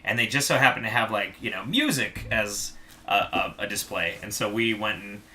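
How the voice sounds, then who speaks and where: A band member co-hosting his band's podcast tells road-trip stories in casual chat, animated and playful, breaking into sung impressions in falsetto. He speaks at a normal speed, with a little hiss or hum in the recording.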